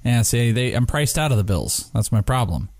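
A man's voice: mid-range voice, very animated, moderate pace, a little mellow, dry recording. A man from Arizona co-hosting a podcast, bantering and joking about his fantasy football lineup. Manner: joking, self-deprecating banter. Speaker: podcast co-host. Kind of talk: casual fantasy football chat.

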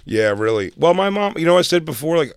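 A man's voice: a little high, very animated, fast talker, vocal fry, clean tone, dry recording, clean studio sound. A middle-aged man co-hosting a casual comedy talk show, rambling through stories and acting out the quotes. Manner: rambling storyteller, acts out quotes. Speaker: co-host. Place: radio studio.

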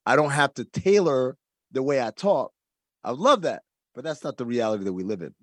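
A man's voice: mid-range voice, sing-song, fairly quick, no echo. A man in casual conversation, explaining his views earnestly and making his point through comparisons. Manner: earnest, explanatory, uses analogies.

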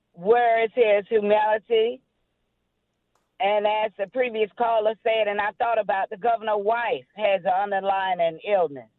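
A woman's voice: medium pitch, dry recording. A woman from Florida calling in to a radio show, earnest and indignant, speaking formally. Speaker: caller. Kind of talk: phone-in comment. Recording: tinny dry phone line.

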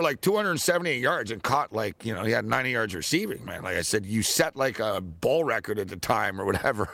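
A man hosting a sports talk show, telling stories in a casual, animated way and laughing often. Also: mid-range voice, gravelly, dry recording. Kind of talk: casual storytelling chat.

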